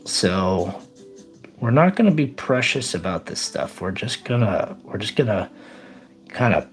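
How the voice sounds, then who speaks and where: Animated, rambling male streamer. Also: medium pitch. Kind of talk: casual live stream chat, reading chat.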